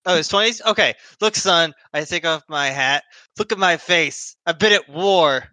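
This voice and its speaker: Man playing a pompous war veteran, blustering, lecturing, very bright voice, dry close sound. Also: fairly high pitch, moderate pace, dry recording, voice pushed up, rough recording. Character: gruff, pompous male war veteran adventurer.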